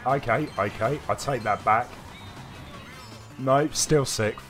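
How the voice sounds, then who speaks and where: A man's voice: mid-range voice, slow, a bit bright. A British man live-streaming a game and chatting with viewers, feeling unwell and coughing now and then. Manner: rambling, chatty, answers chat by name. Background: faint game music.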